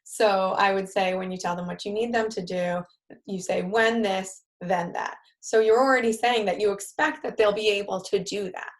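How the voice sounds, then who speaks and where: A woman's voice: medium pitch, normal speed. A woman with a New York accent leading a live-streamed parenting workshop, talking conversationally and acting out example phrases for parents to say to children. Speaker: parenting group leader.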